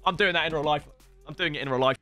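A young man excitedly commentating his own football video game career, full of banter and loud outbursts. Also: on the high side, racing, over loud music. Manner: excitable, banter-filled and loud, swinging into mock impressions. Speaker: gaming streamer.

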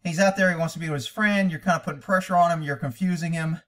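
A man's voice: fairly high pitch, steady tone, fast talker, fairly bright tone, distant mic. A man critiquing a training video as a horse trainer, blunt, profane and lecturing.

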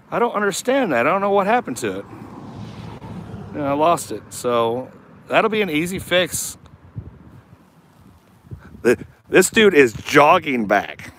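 A man's voice: a little high, fairly bright tone, a little hiss or hum, low-quality recording. A man chatting casually during an outdoor live stream, folksy and often laughing. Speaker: vlogger livestreaming a search. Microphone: action camera.

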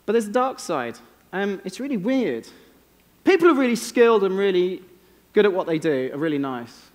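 A man's voice: high voice, big pitch swings, normal speed. An English man giving a keynote talk on a conference stage, telling wry, self-deprecating stories. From England. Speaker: conference speaker. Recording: long reverb of a large hall.

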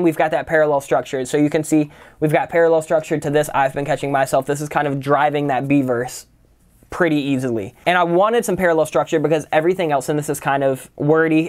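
A man's voice: on the high side, fairly even intonation, a little fast. A man teaching songwriting, casually walking through a song's lyrics line by line and explaining its rhymes and syllable structure. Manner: analytical, breaks lyrics down line by line; casual, uses "kind of" and "right?" often. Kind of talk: lyric-writing tutorial.

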